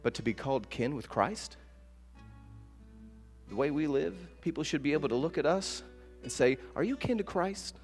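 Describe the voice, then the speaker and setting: A man preaching a sermon as pastor, telling stories with lively acted-out quotes. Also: mid-range voice, moderate pace, pauses often. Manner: animated storytelling with acted-out quotes. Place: church sanctuary. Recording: long church reverb with soft guitar.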